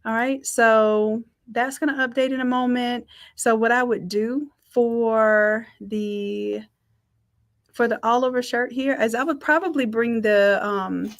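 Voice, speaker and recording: A woman's voice: on the high side, steady tone, a little slow. A woman teaching a live design class, talking in an upbeat, chatty way and thinking aloud as she works. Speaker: design instructor. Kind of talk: live software tutorial.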